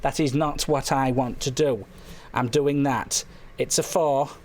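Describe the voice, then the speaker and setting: A man hosting a comic late-night phone-in stream, rambling in a silly, deadpan way, his voice a little hoarse. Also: medium pitch, measured pace. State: slightly hoarse. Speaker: phone-in show host.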